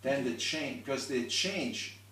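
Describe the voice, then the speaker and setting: Recorded from afar in a roomy setting with faint hiss or hum, a man teaches violin one-on-one. His medium-pitched voice sounds pushed and bright at a measured pace, and he explains patiently through demonstrations and restarts.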